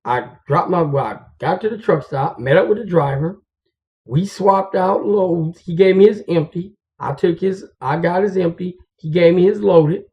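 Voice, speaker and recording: A truck driver with a high voice speaks at a moderate pace, sharing stories and advice with fellow drivers. His manner is casual, slangy, and confiding, and the recording sounds dull and lo-fi.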